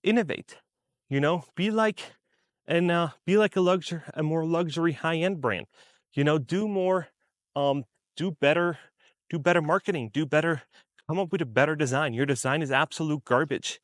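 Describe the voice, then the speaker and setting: Guy rambling through his opinions, kinda high voice, lots of "you know", dry close sound. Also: normal speed, no echo. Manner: rambling, restarts often, many "you know"s. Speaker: video creator. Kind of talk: casual opinion monologue.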